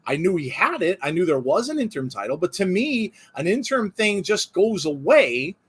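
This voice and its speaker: Animated high-voiced man hosting. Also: normal speed, slightly rough. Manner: animated, rambling, laughs often. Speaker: host. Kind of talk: casual live watch-along chat.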